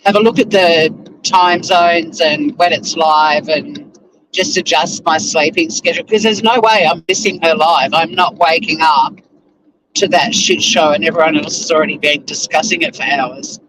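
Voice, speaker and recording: A man's voice: fairly high pitch, steady tone, moderate pace. Chatty Australian man driving to work. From Tasmania, Australia. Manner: chatty and rambling, with frequent fillers and restarts. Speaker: YouTuber reacting live while driving to work. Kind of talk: casual live-stream chat. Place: in a car on the drive to work. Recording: faint car road noise.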